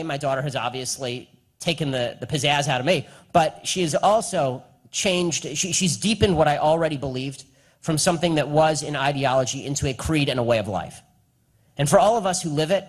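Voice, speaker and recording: A young man with a somewhat high voice speaks at a live event and answers audience questions. His delivery is rapid and combative, and he hammers points home through repetition. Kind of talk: live Q&A speech.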